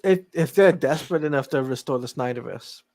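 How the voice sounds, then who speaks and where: A man's voice: medium pitch, brisk, a little mellow. A man co-hosting a podcast, talking in casual chat, tired and yawning late at night. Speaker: podcast co-host.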